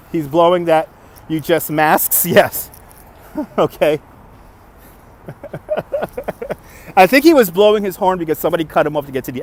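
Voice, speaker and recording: A man hosting a casual walking livestream on city streets at night, chatting, laughing often and answering viewer comments, recorded on a phone on a gimbal. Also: on the high side. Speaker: livestream host. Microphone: phone on a handheld gimbal. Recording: faint traffic noise.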